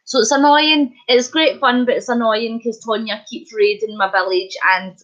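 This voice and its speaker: A Scottish woman chatting casually on her live stream, bubbly and quick to laugh. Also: on the high side, fairly even intonation, a bit bright. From Scotland. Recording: dull lo-fi stream audio.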